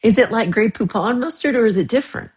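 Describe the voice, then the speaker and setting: A woman's voice: fairly high pitch, lively intonation, fast, darkish tone. A woman hosting a casual livestream, chatting and reacting to viewer comments in a rambling way with frequent laughs. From United States. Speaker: livestream host.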